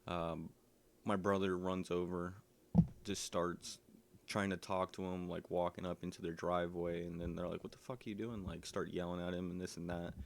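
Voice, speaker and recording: A man's voice: low-pitched, monotone, normal speed, gravelly, slight background noise. A man casually telling a personal story, rambling with lots of ums and likes.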